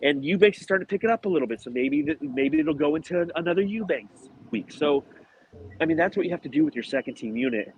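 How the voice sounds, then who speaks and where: A man's voice: a little high, sing-song, fast, vocal fry, slight background noise, poor audio. A man hosting a casual sports podcast, out of breath, rambling through analytical basketball talk with fillers. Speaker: podcast host. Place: outdoors, walking and climbing stairs.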